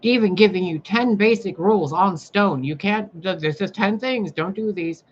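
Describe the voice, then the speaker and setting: A woman's voice: medium pitch, moderate pace, muffled recording, a little hiss or hum. A woman livestreaming a blunt, sarcastic monologue, scolding her viewers and swearing freely. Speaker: spiritual livestreamer.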